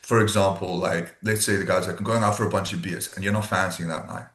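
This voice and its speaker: A man's voice: deep voice, steady tone, quick pace, a bit bright. A man from South Africa chatting casually as a podcast co-host, blunt and swearing freely as he acts out what his friends said. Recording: echoey room.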